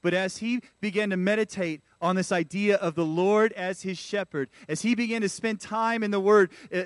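A man's voice: high-pitched, a bit bright, dry recording. A man preaching a sermon in a church, calling out to the congregation. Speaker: pastor.

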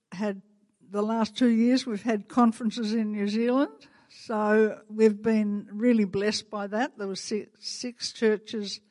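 A woman's voice: medium pitch, darkish tone, no echo. An older woman with an Australian accent, speaking as a guest at a church and laughing often as she chats. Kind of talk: church talk.

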